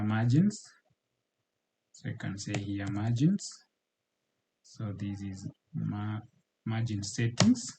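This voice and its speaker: A man giving a screen-recorded coding walkthrough as a programming tutor, often repeating words and pausing with fillers as he types. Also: lowish voice, noisy background. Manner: halting, repeats words while typing, frequent fillers.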